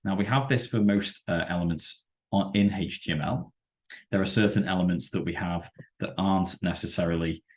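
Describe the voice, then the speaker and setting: A man teaching a web development lesson over a screen-share, explaining with halting, self-correcting sentences and many fillers. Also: low voice. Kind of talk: screen-share coding tutorial.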